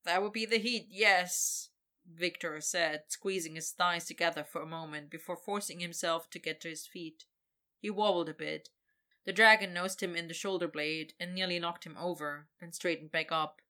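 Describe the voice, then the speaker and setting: Woman narrating a fantasy story, bright clear voice, a bit lower pitched. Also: moderate pace. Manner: expressive, voices characters. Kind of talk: reading a fantasy story aloud.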